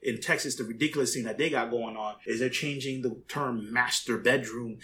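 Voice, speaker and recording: Young man, mid-pitched, casual rambling monologue, animated when quoting, faint background noise. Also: fairly quick. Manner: rambling, conversational, frequent "you know what I mean". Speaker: commentator.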